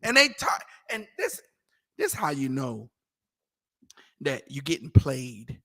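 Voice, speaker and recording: A man talking casually in a scripture class, animated and mocking, acting out the voices he quotes. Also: mid-range voice, slow, in a large hall. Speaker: class teacher.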